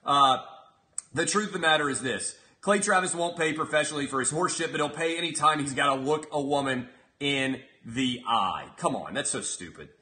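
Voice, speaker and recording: A man's voice: a little high, normal speed, sharp tone. A man hosting a comedic commentary show, ranting in a brash, profane, mocking way. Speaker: show host.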